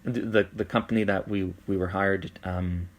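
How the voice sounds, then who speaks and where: Speaking at normal speed in a deep voice, a man co-hosting a podcast spins a story during casual chat and performs the voices of each character in it with animated energy.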